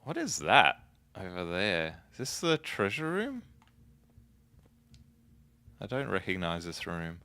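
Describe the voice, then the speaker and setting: A man's voice: low-pitched, huge pitch swings, slow pace, long pauses, bright, forceful tone. A man giving casual gameplay commentary, chatting and musing aloud to himself as he plays. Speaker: let's play host.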